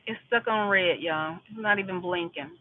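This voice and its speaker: A woman's voice: mid-range voice, moderate pace. A woman chatting casually to her viewers while driving home, rambling and calling them y'all. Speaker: vlogger live-streaming while driving. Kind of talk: casual live-stream chat. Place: inside a car. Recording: tinny phone-like audio with car noise.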